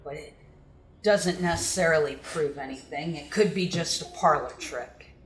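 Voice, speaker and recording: A woman's voice: low-pitched, normal speed, a little hiss or hum, close to an everyday voice. A woman voicing a shrewd male camp elder who talks in a wry, placating way. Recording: echoey room.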